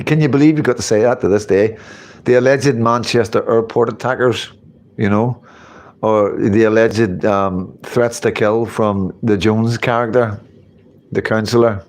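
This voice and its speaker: A man's voice: on the low side, moderate pace, a little mellow. Rambling man, live chat. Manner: rambling, repeats phrases, swears casually. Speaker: livestream host reading chat.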